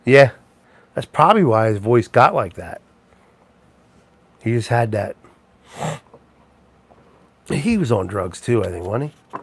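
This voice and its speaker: A man's voice: medium pitch, big pitch swings, takes it slowly, long pauses, husky. A man hosting a casual livestream chat, rambling and chuckling, with plenty of ums and restarts. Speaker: live show host.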